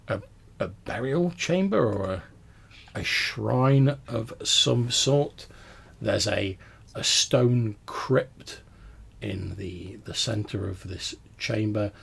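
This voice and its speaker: A man's voice: deep voice, creaky, a bit bright, slightly rough. A man narrating as game master of a tabletop game over a call, describing scenes at length with lots of fillers.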